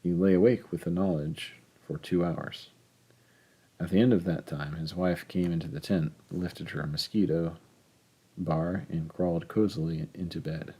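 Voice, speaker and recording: A man narrating a literary short story in an even, measured reading. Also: sits low, slightly rough. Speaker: audiobook narrator. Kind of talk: scripted narration.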